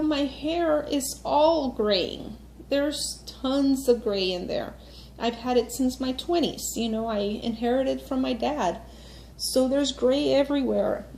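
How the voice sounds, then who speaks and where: A woman in her thirties vents to her viewers about a bad day, slow and unhurried, her voice a touch higher than most. She sounds upset and keeps turning to her audience. The room is echoey with a faint hum of ambience behind her. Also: darkish tone. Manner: upset, talks to viewers directly with many fillers. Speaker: vlogger. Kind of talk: casual venting to camera.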